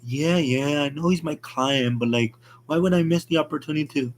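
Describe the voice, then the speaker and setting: A man's voice: brisk, a little hiss or hum, lightly acted. A man voicing an irritable woman nurse who talks in a clipped, grumbling way. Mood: annoyed. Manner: annoyed, then frightened and shrill.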